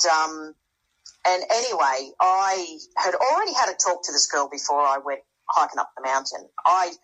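A woman tells her story in an animated, dramatic way, slipping into the voices of the people she quotes. Her voice sits low and sounds husky. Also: poor audio. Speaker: guest. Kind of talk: storytelling in casual conversation.

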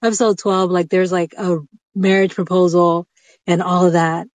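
A woman's voice: fairly low pitch, level tone, moderate pace, a little mellow, no room sound. Gushing woman calling in from a closet. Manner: gushing, laughs and gasps often. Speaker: caller. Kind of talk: casual chat. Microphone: phone app call.

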